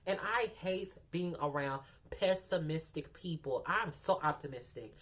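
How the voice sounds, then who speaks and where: Sassy animated woman telling a story. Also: deep voice, unhurried. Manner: sassy, animated, talks to viewers as girl and y'all. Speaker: storytime vlogger. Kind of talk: casual storytelling to the camera.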